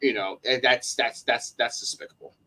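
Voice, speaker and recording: Bright-voiced stammering man chatting. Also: medium pitch, normal speed. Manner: stammering, repeats words, apologetic. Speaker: guest commentator. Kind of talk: casual chat.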